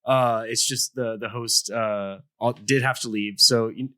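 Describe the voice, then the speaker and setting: Man, studio co-host, relaxed banter, dry close sound, mid pitch. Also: measured pace, no room sound. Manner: laid-back, laughing, bantering.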